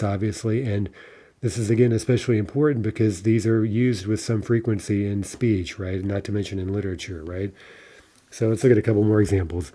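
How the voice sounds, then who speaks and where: A man teaching a Russian grammar lesson, explaining word forms slowly and checking in with "right?" as he goes. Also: lowish voice, mellow.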